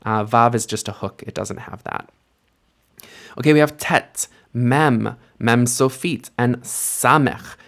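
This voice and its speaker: A man's voice: mid-range voice, fairly bright tone. Patient male Hebrew teacher. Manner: patient, explains step by step, slows down to read Hebrew. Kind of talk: instructional lesson with slow read-aloud.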